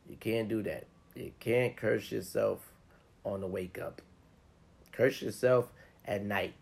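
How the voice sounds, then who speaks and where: A man's voice: fairly low pitch, steady tone, slow pace, gravelly. A man giving a casual, profane pep talk to listeners, swearing freely and acting out grumbling inner voices. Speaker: motivational talker.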